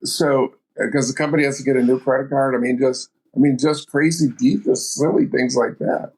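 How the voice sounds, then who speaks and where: A podcast's guest entrepreneur, a man in his seventies, talks a little fast in a steady, medium-pitched voice with a darkish tone. He tells his stories in a blunt, matter-of-fact manner.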